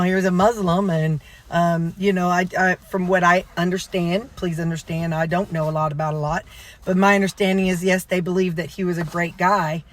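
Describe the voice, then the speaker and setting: A woman vlogger in a car, casually retelling a sermon in a rambling way, full of fillers and self-corrections. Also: on the low side. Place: inside a car.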